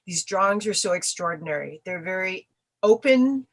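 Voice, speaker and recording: A middle-aged woman from Canada talks through her memories in a relaxed interview. She tells stories with energy, slipping into little acted-out voices for the people she quotes. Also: mid-range voice, moderate pace. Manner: animated storyteller, acts out quoted voices. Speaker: musician guest. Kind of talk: casual interview answers.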